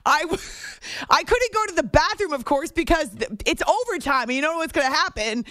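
A woman hosting a sports radio show, telling a story on air in a chatty, animated way that often breaks off mid-sentence. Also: high voice, brisk, no room sound. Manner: chatty, animated, self-interrupting. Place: radio studio. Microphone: studio microphone.

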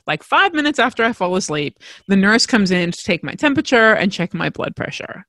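A woman telling a personal story as a mother in a frank, expressive, self-mocking way, swearing casually. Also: mid-range voice, dry recording.

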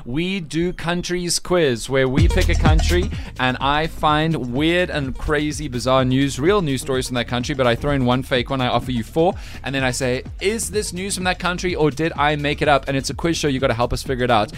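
A man hosting a radio breakfast show, teasing and lively, with quick asides. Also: a little high, soft background music.

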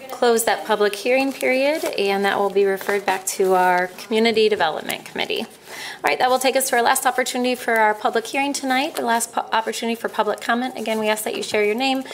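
A woman chairing a city council meeting, briskly calling for public comment. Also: fairly high pitch, slight background noise. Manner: brisk, procedural.

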